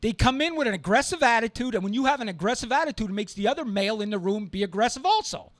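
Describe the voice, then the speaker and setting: High-voiced emphatic male talk show host. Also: expressive, rapid-fire, a bit bright, no echo. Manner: emphatic, repeats points for stress. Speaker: former police officer. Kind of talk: call-in talk show chat.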